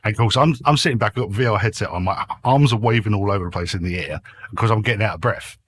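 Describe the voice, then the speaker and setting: Talking quickly in a lowish, fairly bright voice, this guest YouTuber jokes and chats on a relaxed podcast. His somewhat heavy breathing comes through a headset mic with noise cancelling.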